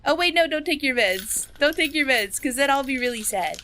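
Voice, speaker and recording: A woman's voice: sits high, lively intonation, fairly quick, bright, forceful tone, slight background noise. A young woman streaming a horror game, chatting playfully with her viewers, humming along to the music and breaking into squeals. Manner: playful, hums and sings along, jumps to squeals. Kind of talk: casual live-stream chat. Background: faint game music.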